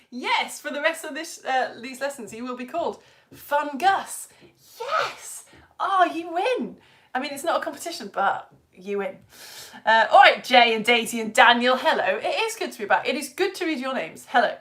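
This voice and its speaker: A woman's voice: high voice, sing-song, moderate pace, fairly bright tone. Bubbly British woman teaching children. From United Kingdom. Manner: bubbly, reading out viewers' comments and greeting children by name. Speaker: science teacher. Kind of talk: live-streamed children's science lesson.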